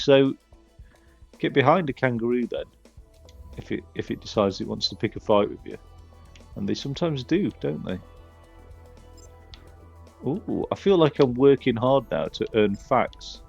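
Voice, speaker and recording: A man's voice: medium pitch, animated, measured pace, vocal fry, pauses often, slightly rough, lo-fi sound, soft background music. A man giving casual gameplay commentary, rambling and joking with wry asides as he plays. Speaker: gaming video host.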